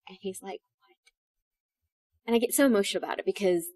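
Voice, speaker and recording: A woman being interviewed about her stage acting, telling stories in an animated way and acting out the lines she quotes. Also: medium pitch, fast, breathy edge, no room sound. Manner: animated storytelling, acts out quotes. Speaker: stage actress, guest. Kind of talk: interview conversation.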